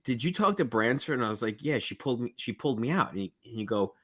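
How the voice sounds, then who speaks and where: A man hosting a podcast in casual chat, jokey and quick to act out quotes. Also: mid-range voice, slightly rough. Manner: lively, jokey, quotes himself and others. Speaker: podcast host.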